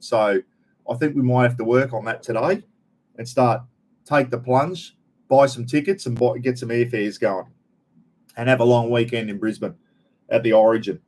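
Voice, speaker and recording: A man's voice: medium pitch, fairly even intonation, normal speed, long pauses, a little mellow. A middle-aged Australian man hosting a casual live chat, talking in a rambling, blokey, slangy way straight to his viewers. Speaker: live stream host.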